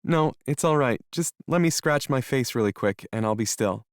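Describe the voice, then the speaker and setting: A man's voice: medium pitch, lively intonation, moderate pace, dry recording, studio quality, pitched above the performer's own voice, close to an everyday voice. A male narrator voicing a nervous, sniffly young woman in an audiobook. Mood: anxious. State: sniffly, stuffed up. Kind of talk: audiobook character voice.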